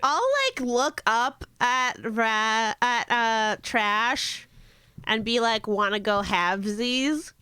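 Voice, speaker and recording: A woman playing a tabletop role-playing game, talking in an unhurried, giggly way. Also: on the high side, fairly even intonation, pushed and bright, clear, resonant tone, no echo. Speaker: player. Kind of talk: tabletop role-play chat.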